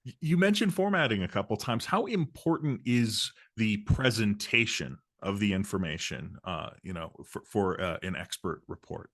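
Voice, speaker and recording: Guy hosting an interview, lowish voice, easygoing questions, laughs along. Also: animated, moderate pace. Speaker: interview host.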